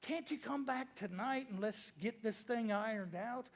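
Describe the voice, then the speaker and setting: A man's voice: very high-pitched, moderate pace. A man quoting an eager woman homeowner in a slightly raised voice while telling a story. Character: eager woman homeowner selling her house.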